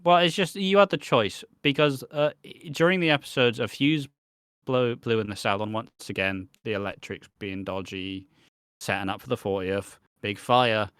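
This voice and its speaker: A man's voice: on the low side, moderate pace, fairly bright tone, smooth, dry recording, studio quality. A man co-hosting a podcast, rambling through a soap recap and swearing freely. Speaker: podcast co-host. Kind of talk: casual chat recapping a soap.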